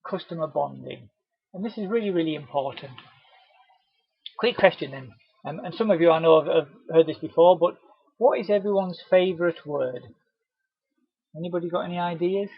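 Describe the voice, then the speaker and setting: A man's voice: on the high side, normal speed, long pauses, slightly rough, no echo, muffled recording. A man presenting a casual training webinar, chatty and reassuring, acting out cheerful doorstep greetings as he explains.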